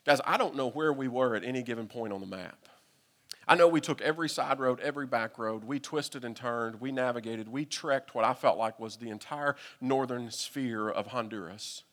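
A man with a Southern US accent, a pastor telling a humorous, animated story during a sermon. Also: medium pitch, moderate pace. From United States. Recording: long reverb from a hall.

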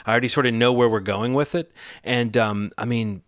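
A man talks through a film review in a loose, conversational way. He rambles, restarts and adds wry asides. His voice sits at a middle pitch and sounds close and dry. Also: a little fast, no echo. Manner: rambling, self-correcting, wry. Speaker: film critic panelist. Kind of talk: casual podcast discussion.

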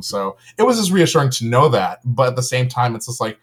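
A man co-hosting a candid podcast chat, talking freely, laughing often and stumbling over his words when excited. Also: mid-range voice, brisk.

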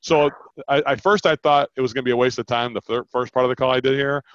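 Animated and fast, a man plays both the salesperson and the customer while coaching a caller. His mid-range voice is recorded dry. The audio has a dull, lo-fi call quality.

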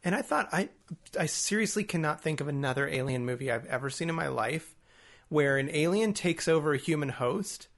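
A man's voice: on the high side, animated, fairly quick, a bit bright. A man co-hosting a podcast, recapping a movie in casual chat and laughing often as he talks. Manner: laughs often, chuckling through his recap. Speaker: podcast co-host.

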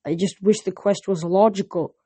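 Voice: mid-range voice, fairly even intonation, normal speed, mellow, husky, no echo, lightly acted. A reader voicing an anxious, clever teenage girl who doubts herself while leading a quest in a read-aloud novel. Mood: worried. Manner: worried, self-doubting.

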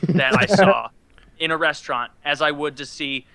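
Bright-voiced man telling profane stories. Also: fairly high pitch, normal speed, dry recording. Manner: profane, animated storytelling, laughs while talking. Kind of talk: casual chat.

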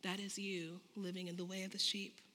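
A woman in her thirties giving a sermon full of stories, acting out conversations with lively jumps in her voice. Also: brisk. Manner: animated, acts out dialogue with big pitch jumps. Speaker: preacher. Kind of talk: sermon with storytelling. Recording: long reverb of a large hall.

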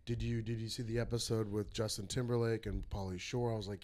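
Casting: male comedian host, lowish voice, loose storytelling. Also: fast. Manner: animated storyteller, swears freely. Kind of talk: casual storytelling chat.

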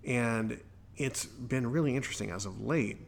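A man's voice: mid-range voice, moderate pace, creaky, a little hiss or hum. A man hosting his own podcast, talking in an upbeat, chatty monologue and reeling off plugs. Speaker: podcast host.

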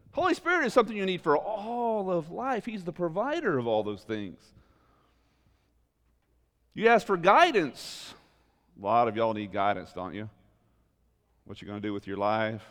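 A male pastor preaching an animated sermon, full of rhetorical questions, swinging between loud emphasis and quiet asides. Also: mid-range voice, big-room sound.

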